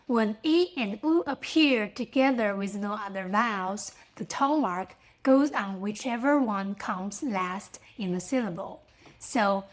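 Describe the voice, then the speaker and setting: Woman teacher, Mandarin native, fairly high voice, slow careful delivery, repeats each example. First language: Mandarin Chinese. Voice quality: small grammar slips in English. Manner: slow, clear, demonstrates each sound twice. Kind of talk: scripted pronunciation lesson.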